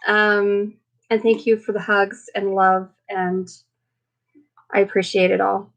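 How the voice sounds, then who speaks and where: Slow-talking chatty woman live-streaming. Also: medium pitch, level tone, dull audio. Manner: chatty, rambling, with many fillers and laughs. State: recovering from illness, emotional. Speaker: livestream host. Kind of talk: casual live chat with viewers.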